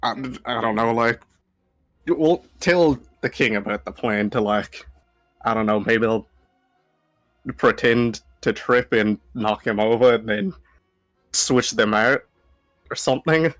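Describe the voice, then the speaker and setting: A man's voice: medium pitch, a little slow, long pauses, a bit bright, faint music behind. A man playing a tabletop game, rambling through plans with many likes and restarts. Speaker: player. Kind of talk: casual tabletop play.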